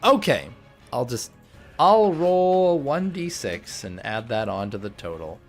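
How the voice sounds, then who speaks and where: Lively male game master. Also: medium pitch, slow, soft background music. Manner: animated, chatty, laughs often. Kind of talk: running a tabletop game over voice chat.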